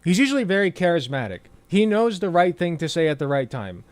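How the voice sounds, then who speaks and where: Sarcastic high-voiced male commentator. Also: big pitch swings, fairly quick, no echo. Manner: sarcastic, swears casually, lots of fillers. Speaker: political commentary YouTuber. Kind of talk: casual commentary, reading news aloud.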